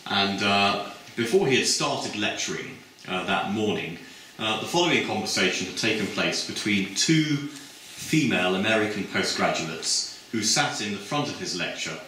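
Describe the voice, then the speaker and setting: A middle-aged man giving a public lecture in a measured, discursive way, with many filled pauses. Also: fairly low pitch, lively intonation, pushed and bright, a little hiss or hum. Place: lecture hall. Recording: echoey hall from a distant mic.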